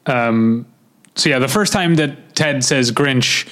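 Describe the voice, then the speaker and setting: A man's voice: mid-range voice, slow pace, a bit bright. A man with a Midwestern accent co-hosting a casual podcast chat, rambling with lots of fillers and restarts. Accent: Midwestern American. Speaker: podcast co-host.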